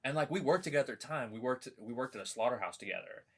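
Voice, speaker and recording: Young male podcast guest, mid-pitched, loose and profane, storytelling with plenty of ums and likes. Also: expressive, rapid-fire, fairly bright tone, husky. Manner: rambling, profane, many fillers. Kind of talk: casual storytelling chat.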